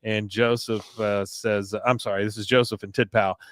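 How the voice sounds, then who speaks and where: A man's voice: on the low side, little pitch movement, moderate pace, fairly bright tone, no echo, studio quality. A man hosting a podcast, wryly recapping a cartoon episode with casual swearing. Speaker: podcast host.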